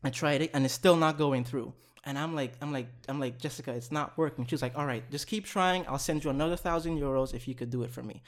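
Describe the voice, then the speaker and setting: A young man casually telling a long story on a podcast, animated, swearing and laughing as he goes. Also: mid-range voice, fast talker, few pauses.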